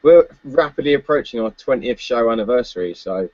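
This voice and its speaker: A man's voice: mid-range voice, lively intonation, a little fast, no echo. Chatty man on a dull dry mic. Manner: chatty, laughs often, many fillers. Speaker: podcast co-host. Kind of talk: casual political chat.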